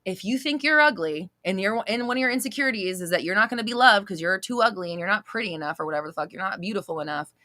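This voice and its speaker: Blunt, bright-voiced woman coaching live. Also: medium pitch, racing, hardly any pauses. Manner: blunt, emphatic, repeats points, swears casually. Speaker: manifestation coach answering viewer questions. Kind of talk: live-stream Q&A.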